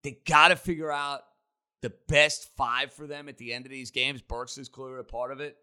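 A man hosting a sports talk show, delivering an opinionated monologue with emphatic, rapid-fire takes. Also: mid-range voice, fairly even intonation, pushed and bright, clean tone. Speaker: sports radio host.

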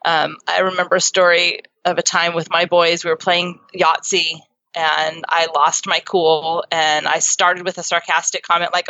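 Bright, forceful woman explaining earnestly. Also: lowish voice, normal speed, no echo. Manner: earnest, teaching tone with lively examples. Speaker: guest, psychotherapist and author. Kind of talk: explanatory interview talk. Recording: dull lo-fi sound.

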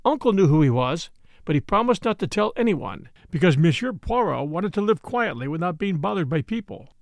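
A man's voice: high-pitched, very animated, fairly quick, dry recording, studio quality. A man voicing an earnest, defiant young woman who pleads insistently in an audiobook reading.

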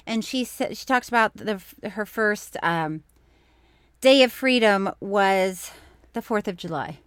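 Give me a woman co-host in casual conversation, an animated storyteller who breaks into loud laughs. Her voice is mid-pitched, and it sounds dry and close, with no room around it. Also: a little slow, clear, resonant tone, no room sound. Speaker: podcast co-host. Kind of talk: casual chat.

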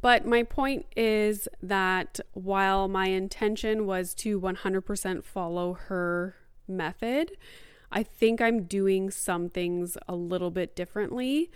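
Speaking slowly with fairly even intonation, this thirtysomething podcast host has a clean, mid-range voice captured studio-quality with no room sound. Her casual solo talk is chatty, full of "like" and "um," and she sounds mildly out of breath.

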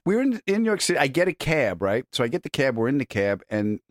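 Man host with a wildly lively voice. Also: fast talker, dry recording, clean studio sound. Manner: jumps high in pitch when quoting people, laughs often. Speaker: podcast host. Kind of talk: casual chat.

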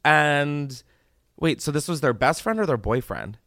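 A man hosting a podcast in casual chat, joking and animated, his voice jumping from loud squeals down to low mutters. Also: measured pace, dry recording, clean studio sound. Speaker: podcast host.

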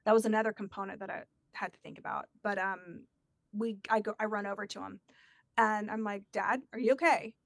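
A woman's voice: medium pitch, fairly quick, no room sound, studio quality. A woman telling a personal story in a casual chat and acting out the voices of the people in it. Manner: animated, acts out quoted voices.

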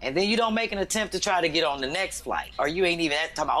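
A woman's voice: lowish voice, expressive, very fast, a bit bright. A woman who is a full-time comedian, talking bluntly and emphatically in a casual chat. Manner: blunt, emphatic, talks with conviction.

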